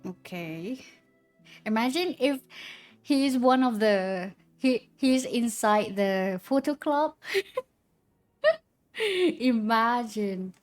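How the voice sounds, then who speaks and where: A woman's voice: fairly high pitch, animated, drawn-out words, long pauses, faint music behind. A woman streaming a game, chatting casually with frequent giggles and stammering restarts. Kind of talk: casual gameplay commentary.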